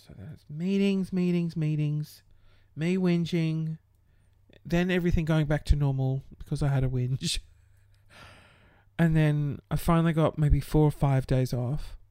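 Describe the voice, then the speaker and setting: A man's voice: on the high side, fairly even intonation, normal speed, warm tone, clear, resonant tone, no room sound. A man venting in a casual vlog, exasperated and sweary, laughing through his frustration. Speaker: small business owner.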